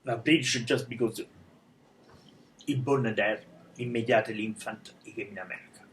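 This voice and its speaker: A man telling a dramatic personal story live in broken non-native English, often dropping to a hushed whisper. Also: lowish voice, normal speed, a little hiss or hum, rough recording. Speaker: life coach telling his story.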